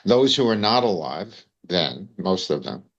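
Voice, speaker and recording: A man's voice: low voice, very animated, unhurried, dull audio. An older man with a New York accent, telling rambling anecdotes as an interview guest, peppered with "you know" and "man". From United States. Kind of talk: storytelling in casual conversation.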